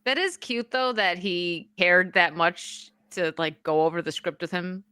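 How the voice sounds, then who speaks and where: Bright-voiced woman hosting a chat. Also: lowish voice, unhurried, clean tone, no room sound, clean studio sound. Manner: animated storyteller, laughs often. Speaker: host. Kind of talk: casual podcast chat.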